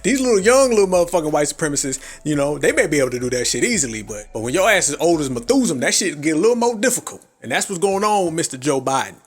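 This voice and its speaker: A man's voice: a little high, sing-song, very fast, few pauses. A man hosting a live commentary stream, brash and heavily profane, laughing at his own jokes. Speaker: livestream commentary host.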